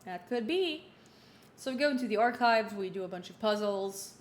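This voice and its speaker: A woman's voice: medium pitch, expressive, moderate pace, faint music behind. A young woman in her twenties, a streamer chatting casually and recapping a game, rambling with many fillers and restarts. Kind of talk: casual livestream chat while playing. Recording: roomy room echo, faint background hum.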